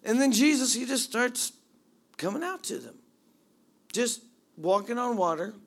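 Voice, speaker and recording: A man preaching a sermon, animated as he retells the story, swinging from hushed asides to excited bursts. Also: very high-pitched, unhurried. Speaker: pastor.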